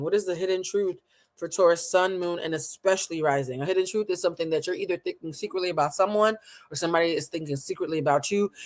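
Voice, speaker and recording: A tarot reader with a voice on the low side talks to her live-stream audience in loose slang. Playful and blunt, she stays animated throughout and breaks into laughter a lot.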